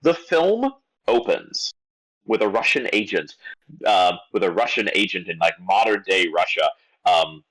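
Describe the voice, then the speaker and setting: A man's voice: low voice, low-quality recording. A man on a podcast giving an exasperated critique of a film, talking with lots of restarts and stumbles. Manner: animated, exasperated rant with many restarts. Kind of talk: casual podcast discussion.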